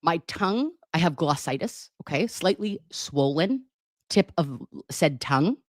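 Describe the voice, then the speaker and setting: A woman's voice: deep voice, animated, unhurried, no echo, studio quality. A woman hosting a casual livestream chat, gushing and dramatic, talking with a slight lisp from a sore tongue. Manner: gushing, chatty and dramatic, reads viewer comments. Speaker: livestream host.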